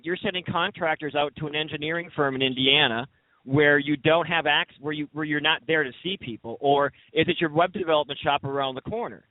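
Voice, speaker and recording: A man's voice: on the high side, no room sound. A man on a recruiting panel, emphatic and argumentative, often cutting in on others. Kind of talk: lively panel discussion. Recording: dry, thin phone-like sound.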